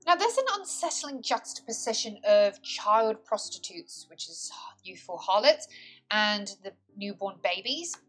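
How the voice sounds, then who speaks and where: A woman's voice: medium pitch, big pitch swings, a little slow, fairly bright tone, faint music behind. A woman tutor giving a detailed, precise poetry analysis lesson, stretching and stressing words to show the rhythm. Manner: articulate, precise academic wording. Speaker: literature tutor.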